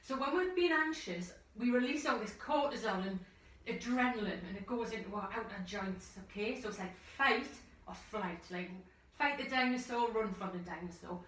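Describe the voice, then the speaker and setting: A woman yoga teacher from the United Kingdom, guiding a class through slow, soothing breathing cues and audible sighing breaths. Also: medium pitch, lively intonation, a bit bright. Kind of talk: guided yoga instruction. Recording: echoey room, voice from far off the mic.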